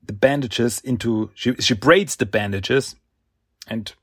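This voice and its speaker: A man casually retelling a comic issue, halting with fillers and restarts and chuckling often. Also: medium pitch, a bit bright, breathy edge, no echo, studio quality. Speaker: comic recap reviewer.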